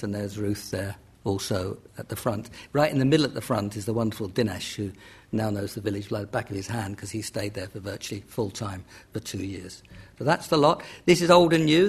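An older man lecturing on economics to a hall, his voice gravelly and a little husky. He talks in a loose, rambling way, stopping for fillers and correcting himself as he goes through his slides. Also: mid-range voice. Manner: rambling, hesitant, with many fillers and self-corrections.

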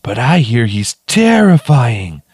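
A man's voice: medium pitch, big pitch swings, slow, darkish tone, slightly rough, no room sound, studio quality, pitched above the performer's own voice, full character voice. A man voicing a female raven who is morbidly curious and eager in a storybook reading. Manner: eager, a bit macabre.

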